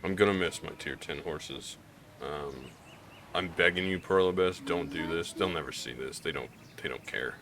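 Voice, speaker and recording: This gaming YouTuber from Missouri, in the US Midwest, speaks at a normal pace in a rumbling low voice with a hint of Southern drawl. He's candid and meandering, restarting his sentences a lot, and background noise is audible.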